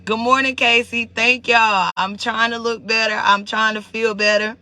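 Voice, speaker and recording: A man's voice: high voice, level tone, moderate pace, bright, forceful tone. A man hosting a live stream, talking casually and emotionally to his viewers, greeting them by name and repeating words as he searches for what to say.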